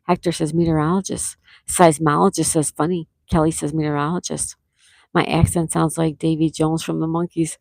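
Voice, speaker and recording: A woman hosting a live-stream trivia game, reading viewers' answers aloud and repeating each question slowly. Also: deep voice, gravelly, a little mellow, no room sound. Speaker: trivia host.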